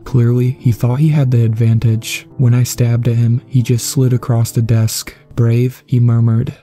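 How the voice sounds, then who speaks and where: Male horror narrator, very dark mellow tone, slow measured read, soft guitar underneath. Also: medium pitch.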